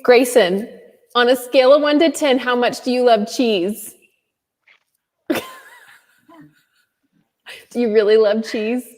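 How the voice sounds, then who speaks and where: A woman hosts an interview and keeps it upbeat with encouraging questions. Her voice sits high. The recording carries a long, echoey reverb. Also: steady tone, slow, long pauses, a little mellow. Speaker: host. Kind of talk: interviewing a guest and her kids. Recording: echoey room sound.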